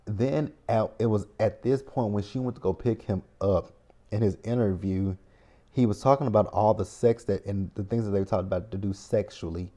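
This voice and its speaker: A man's voice: lowish voice, normal speed, dark tone. Blunt, profane man ranting a TV recap. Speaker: reality TV recap host. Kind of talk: casual recap commentary.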